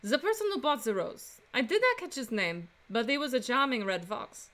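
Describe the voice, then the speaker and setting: A woman's voice: on the high side, big pitch swings, moderate pace, a bit bright. A woman voicing a poised young French flower-seller bird, with a put-on French accent and a composed, guarded manner.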